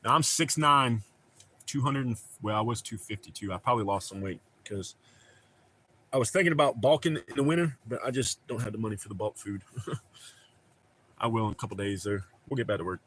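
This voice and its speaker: Man, middle-aged, Southern accent, casual rambling chat, profane, bright tone. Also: on the low side, brisk, husky. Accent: American Southern. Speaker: streamer.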